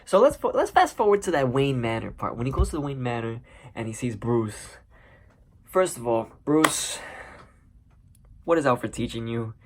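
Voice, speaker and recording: A man giving a casual spoiler review of a movie, animated and acting out scenes with sound effects. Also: medium pitch, moderate pace, pauses often, a little hiss or hum. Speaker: movie commentator.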